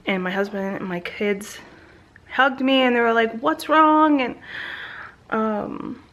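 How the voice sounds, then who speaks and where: A woman's voice: on the high side, unhurried, dull audio. A woman in her thirties gives a casual pregnancy update straight to her camera at home. She rambles along in a chatty way, full of ums, likes and restarts, her voice recorded close on the camera. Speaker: vlogger.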